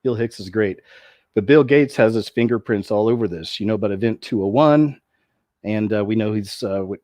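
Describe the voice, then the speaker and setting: A man's voice: lowish voice, moderate pace, darkish tone, no echo, clean studio sound. A man hosting a commentary video, talking in a rambling way with many restarts and asides.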